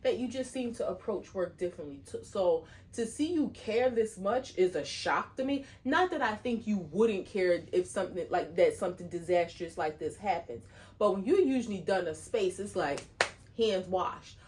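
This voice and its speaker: A woman co-hosting a podcast, speaking gently and supportively to her partner, a little halting. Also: medium pitch, animated. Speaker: podcast co-host. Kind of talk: casual chat.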